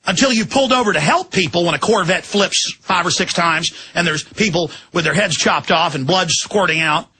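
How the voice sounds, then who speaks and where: A man hosting a talk show, ranting erratically and suddenly exploding into shouts, speaking from a studio full of electronics. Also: high-pitched, moderate pace, few pauses, slight background noise.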